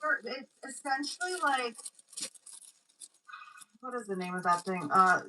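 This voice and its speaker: A woman's voice: on the high side, animated, a little slow, sharp tone, poor audio. A woman chatting eagerly as a guest on a livestream. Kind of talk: casual chat.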